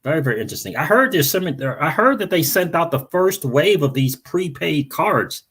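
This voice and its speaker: A man with a husky, slightly grainy voice hosts a casual livestream, chatting straight to his viewers. He greets people by name as they arrive and repeats his own phrases in an easygoing, conversational flow. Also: fairly high pitch, sing-song, normal speed, fairly bright tone. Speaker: crypto channel host.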